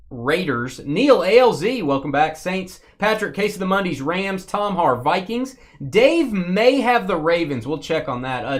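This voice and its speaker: A man hosts a live card-break stream with an animated, lively voice that swings up and down. He jokes with the chat as he reads out names and teams, and he chats easily about each pack he opens. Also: on the high side. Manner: chatty asides about cards as he opens packs. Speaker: host of a live sports card group break. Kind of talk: casual live-stream commentary.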